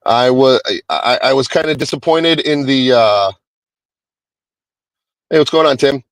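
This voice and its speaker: Slow rambling profane man reviewer. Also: medium pitch, no echo, rough recording. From Hispanic American. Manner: rambling, profane, many restarts. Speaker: movie reviewer. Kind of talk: casual spoken review.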